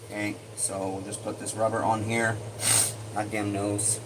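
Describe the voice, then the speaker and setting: A man's voice: fairly low pitch, unhurried. A man streaming live from his repair workshop, talking casually while he works and muttering curses under his breath. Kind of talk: casual livestream talk while working. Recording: steady air-conditioning hum.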